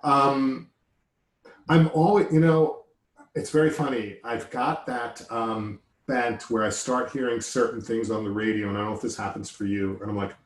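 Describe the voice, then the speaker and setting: A man's voice: mid-range voice, moderate pace. A man chatting casually and enthusiastically, rambling between thoughts and joking about himself. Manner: enthusiastic, rambling, self-deprecating. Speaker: conversation partner. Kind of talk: casual chat. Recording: roomy echo.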